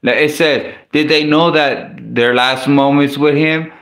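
A man's voice: on the high side, fairly even intonation, measured pace, a bit bright. Man preaching casually in a roomy echo. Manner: conversational, repetitive restarts, slang asides. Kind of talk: casual sermon.

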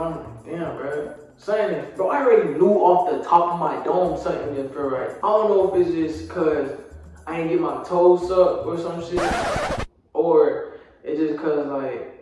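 A man's voice: on the high side, a little mellow. A young man telling a casual, slang-heavy storytime vlog, full of fillers, addressing his viewers. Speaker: vlogger. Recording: very echoey room, voice far from mic.

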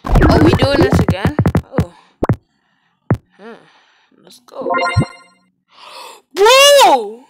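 A woman's voice: sits high, drawn-out words, long pauses. A woman giving casual, sarcastic gameplay commentary into a close mic, with sudden exclamations. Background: loud game music.

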